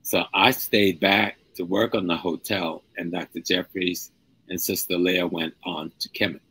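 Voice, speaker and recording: An older man, a guest, telling a personal story at an unhurried pace, stretching key words. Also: sits low, steady tone, pushed and bright, slightly rough, poor audio. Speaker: guest speaker. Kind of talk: storytelling in a live-streamed conversation.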